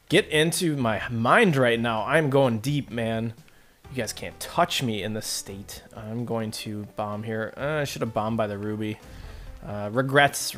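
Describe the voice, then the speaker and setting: A man rambling through casual gameplay commentary, talking to his viewers and joking at his own expense. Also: on the low side. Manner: rambling, self-deprecating, talks to viewers. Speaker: let's play commentator.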